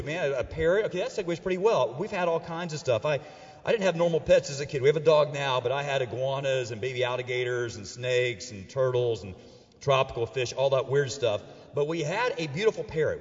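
Middle-aged pastor guy, high voice, joking with the crowd then going all quiet and serious, dull lo-fi sound w/ big hall echo. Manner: animated, joking with the crowd, swinging loud to hushed. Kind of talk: sermon. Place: church auditorium with a live audience.

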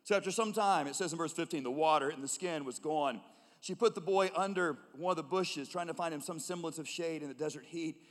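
Animated preacher in a reverberant hall. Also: male voice, fairly quick. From United States. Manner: animated preaching, swinging from loud emphatic calls to hushed low tones. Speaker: pastor. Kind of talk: sermon. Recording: long reverb of a large hall.

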